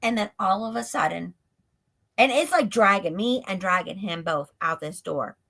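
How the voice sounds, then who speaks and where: A woman's voice: medium pitch, expressive, moderate pace, vocal fry, fairly bright tone. A woman, a guest on a live stream, telling a story in a breathless run-on way that is full of "like". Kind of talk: storytelling in an interview. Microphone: stream call mic.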